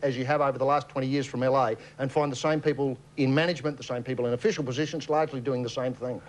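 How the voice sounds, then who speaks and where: A man hosting a comedy talk show, delivering jokes in a dry, mock-formal, deadpan way. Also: mid-range voice, racing. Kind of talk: comic talk show banter. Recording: studio audience and noise behind.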